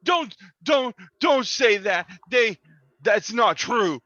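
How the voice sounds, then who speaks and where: A man voicing a nervous, whiny male bugbear who shouts his denials in a raised voice. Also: animated, takes it slowly, no echo, dull audio, full character voice. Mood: defensive. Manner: high, shouty, pleading.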